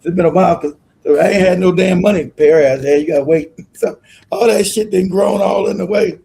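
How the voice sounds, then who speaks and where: Laid-back man host, swearing and laughing through reactions, mellow slightly high voice. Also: brisk, creaky, low-quality recording. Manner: loose, laughing, swearing, talks over clips. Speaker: stream host reacting to clips. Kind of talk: casual profane commentary.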